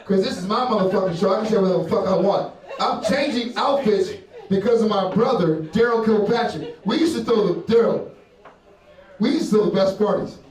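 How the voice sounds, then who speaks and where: A young comedian with a high, slightly mellow voice talks a little fast through a profane, brash stand-up routine, laughing at his own material and engaging the audience. The comedy club recording is roomy and distant, with crowd noise.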